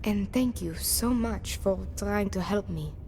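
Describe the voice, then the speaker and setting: An actress with a French accent playing a worried woman who wants to patch things up, speaking in an earnest, measured way. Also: mid-range voice, warm tone, a little hiss or hum, lightly acted. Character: worried woman seeking a reconciliation.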